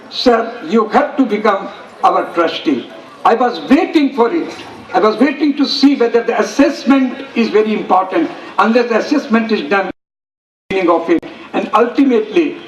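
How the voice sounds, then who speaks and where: A man with an Indian English accent giving an earnest, emphatic public speech at a school function, repeating phrases for effect. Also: sits high. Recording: echoey hall, voice from far off.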